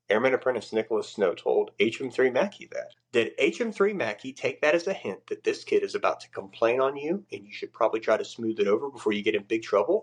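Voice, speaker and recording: A man's voice: a little fast, slightly rough. A man, a Navy chief and podcast guest, telling war stories in a blunt, profane way. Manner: blunt, profane, acts out quoted people in a much higher voice. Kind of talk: casual storytelling.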